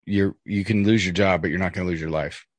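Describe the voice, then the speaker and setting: A man's voice: deep voice, fairly even intonation, quick pace, dry recording. A man hosting a casual podcast chat, wry and joking with blunt ex-cop humor. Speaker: podcast host.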